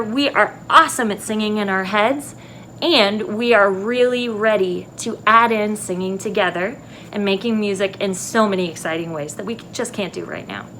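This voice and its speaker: A woman music teacher recording a video lesson for young children in an empty classroom, speaking slowly and clearly. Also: mid-range voice, pushed and bright, slight background noise. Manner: slow, clear teacher talk to young kids.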